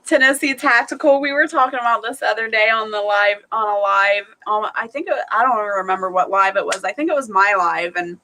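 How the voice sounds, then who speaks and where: Bright American woman hosting a stream. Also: medium pitch, fast talker, hardly any pauses, slight background noise. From United States. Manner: friendly, greets viewers by name. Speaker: live-stream host. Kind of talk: casual live-stream chat.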